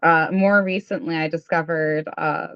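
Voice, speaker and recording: A woman's voice: sits low, steady tone, normal speed, smooth, dry recording, muffled recording. A woman, a comic creator guest, talking casually and thoughtfully, with many fillers. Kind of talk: casual interview chat.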